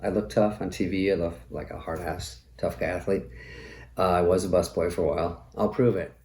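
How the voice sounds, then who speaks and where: A man's voice: low-pitched, steady tone, brisk, darkish tone, slight background noise. A middle-aged man hosting a comedy show and delivering a profane, sardonic monologue. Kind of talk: comic monologue. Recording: roomy echo.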